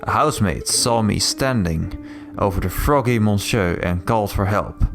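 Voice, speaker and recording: A man's voice: on the low side, moderate pace, creaky, music in the background. A man voicing a chatty, naive young noblewoman cat in a story game.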